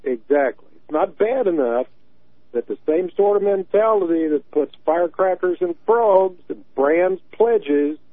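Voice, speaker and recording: An expressive, high-sitting voice at a measured pace belongs to a man in his early sixties from Tennessee who has called a radio show. Earnest in tone, he tends to repeat words as he makes his argument, heard through a tinny, dry phone line.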